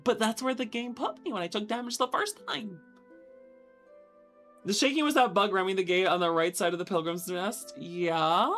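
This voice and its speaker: A young adult woman streaming a video game, talking to her chat with loud exasperated outbursts and swearing. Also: mid-range voice, normal speed, faint music behind. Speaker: VTuber streamer. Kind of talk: gaming livestream commentary.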